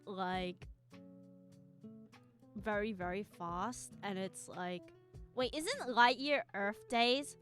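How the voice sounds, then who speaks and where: A young-sounding woman with a bright, clear, fairly high voice chats loosely with her stream audience. She rambles from thought to thought, full of "like" and "you know", breaking into giggles. Faint music plays softly behind her. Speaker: live streamer. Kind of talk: casual chat with viewers.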